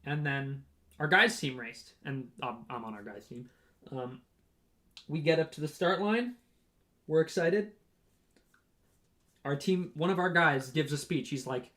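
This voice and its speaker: Young man telling a rambling story, slightly high voice. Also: unhurried, pauses often. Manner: rambling, animated, frequent "right?" and "um". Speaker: runner on a race team. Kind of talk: casual storytelling vlog.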